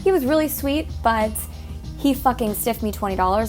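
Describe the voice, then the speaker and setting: A woman's voice: on the high side, lively intonation, moderate pace, faint music behind. A woman hosting a podcast, telling a story in a blunt, heated, profane way and mimicking the people in it. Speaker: podcast host. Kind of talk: casual storytelling monologue.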